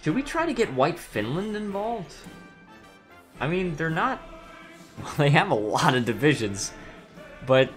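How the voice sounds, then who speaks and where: A man's voice: a little high, sing-song, measured pace, long pauses, soft background music. A man streaming a strategy game, musing aloud with hesitant restarts while reading chat messages.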